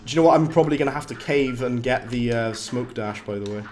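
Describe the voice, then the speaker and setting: A man with a slightly hoarse voice, chatting casually while livestreaming a game, reading chat aloud and laughing often. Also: medium pitch, fast, a little mellow, faint music behind. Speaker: livestreaming gamer. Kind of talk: casual live-stream commentary.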